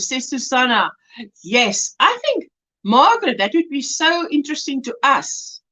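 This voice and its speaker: A woman's voice: high voice, big pitch swings, unhurried, pushed and bright. A woman with a South African accent hosting a casual crochet livestream, chatty and laughing often as she reads the chat aloud from her phone.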